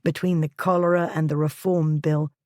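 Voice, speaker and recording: A woman's voice: low-pitched, flat delivery, normal speed, mellow, no room sound, clean studio sound, natural voice. A woman voicing a stern, worried older aunt who scolds in alarm. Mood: scolding.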